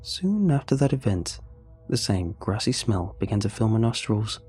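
Dark, husky male horror narrator. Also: lowish voice, very animated, soft background music. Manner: measured, first-person storytelling. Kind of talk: scripted horror story narration.

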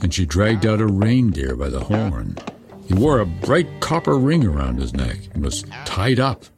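A man narrating a fairy tale in an expressive, dramatic storybook reading. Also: deep voice, a little slow. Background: soft music.

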